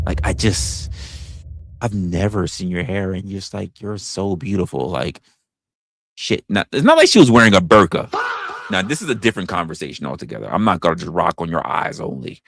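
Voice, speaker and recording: A man's voice: sits low, moderate pace, vocal fry. A young man hosting a casual livestream, rambling with lots of stammering restarts. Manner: rambling, stammering restarts, animated put-on quotes. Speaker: livestream host. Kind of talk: casual unscripted livestream chat.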